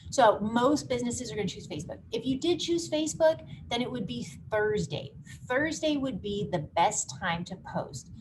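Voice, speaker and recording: Energetic woman coaching a webinar. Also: on the high side, normal speed, hardly any pauses. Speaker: workshop host. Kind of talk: live online marketing workshop. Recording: noisy background hiss.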